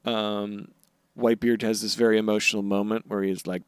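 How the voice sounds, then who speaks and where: A young man co-hosting a podcast in casual chat, animatedly recapping scenes and slipping into high silly voices for the characters. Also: flat delivery, normal speed, clear, resonant tone, dry recording, studio quality. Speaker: podcast co-host.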